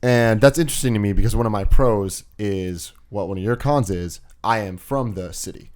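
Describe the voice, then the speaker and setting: Young man, podcast co-host, lower voice, reflective, self-mocking. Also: moderate pace, darkish tone. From San Francisco. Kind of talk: casual chat.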